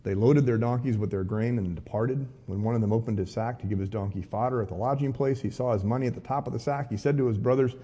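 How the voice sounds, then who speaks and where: A man's voice: medium pitch, quick pace, hardly any pauses, warm tone. A man, a pastor, leading a live Bible study class, reading scripture aloud and breaking off for wry, casual asides.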